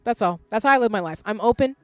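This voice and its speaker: A woman's voice: on the high side, animated, fast. A woman in her thirties chats casually on her stream with a rambling, candid delivery. She swears freely as she goes off on long tangents, with faint music under her voice. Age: 30s. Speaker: livestreamer.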